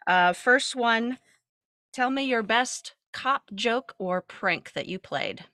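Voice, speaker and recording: A woman's voice: on the high side, takes it slowly, bright, forceful tone, no room sound. A woman hosting a podcast, asking questions in a chatty, hesitant way full of fillers. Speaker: podcast host. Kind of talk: casual interview.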